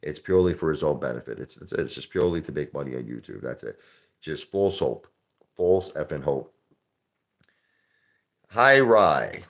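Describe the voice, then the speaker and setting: A man hosting a casual live stream, talking in a brash, combative rant. His voice sits very low. He hammers his points by repeating them. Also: sing-song, fairly quick, gravelly, a bit bright.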